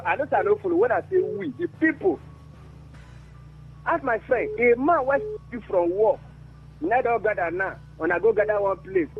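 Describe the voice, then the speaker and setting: A man's voice: high-pitched, vocal fry, phone-quality sound. A man with a Nigerian accent calling in to a radio show, rambling in Pidgin. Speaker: caller. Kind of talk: call-in radio talk.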